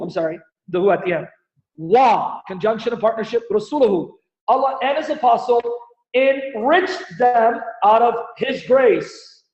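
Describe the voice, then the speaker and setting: Reading scripture on a Bible-Quran debate livestream, this Christian apologist host speaks in a high voice with a darkish tone. He animatedly fires rhetorical questions at his audience, and the stream audio sounds dull, lo-fi and echoey.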